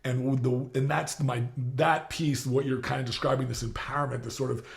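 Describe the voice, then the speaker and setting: Gravelly-voiced man hosting a casual chat. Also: medium pitch, level tone, brisk. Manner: rambling, laughs often, many restarts. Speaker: podcast host.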